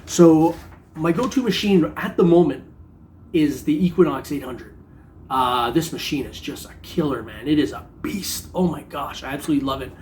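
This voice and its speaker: A middle-aged man with a voice that sits a little high talks loosely to camera about his hobby. He jokes, rambles and leans on fillers, and faint ambient sound hangs behind him. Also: moderate pace, a little mellow, a little hiss or hum. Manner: laid-back, joking, rambling with many fillers. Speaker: metal detecting vlogger. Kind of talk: casual chat to camera.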